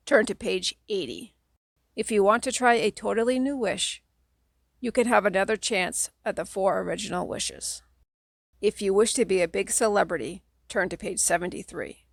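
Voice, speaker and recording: Lady reading a kids book aloud, gravelly voice, dry close sound. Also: mid-range voice, no echo. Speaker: audiobook reader. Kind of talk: audiobook narration.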